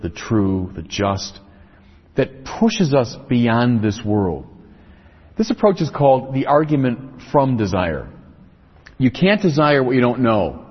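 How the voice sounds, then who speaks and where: A man with a slightly husky voice gives a religious talk, his pitch rising and falling freely as he builds his points in lists and asks rhetorical questions. The sound is dull and lo-fi, with a long echo trailing behind his words. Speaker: speaker on religion. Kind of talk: lecture-style religious talk. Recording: echoey, dull lo-fi recording.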